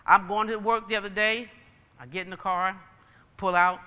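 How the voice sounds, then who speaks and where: A woman's voice: mid-range voice, a little slow, long pauses, sharp tone, big-room sound. A woman preacher giving a sermon with personal testimony, emphatic and folksy in her storytelling.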